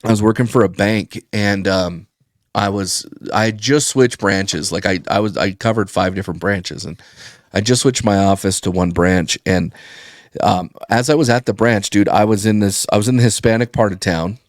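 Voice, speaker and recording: A man telling a rambling, profane story in casual podcast chat, getting animated when he quotes people. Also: fairly low pitch, moderate pace, dry recording, clean studio sound. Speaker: podcast guest.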